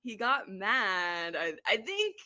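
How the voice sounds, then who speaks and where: A woman in a casual group call, retelling a story haltingly and repeating her phrases. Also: mid-range voice, sing-song, pushed and bright.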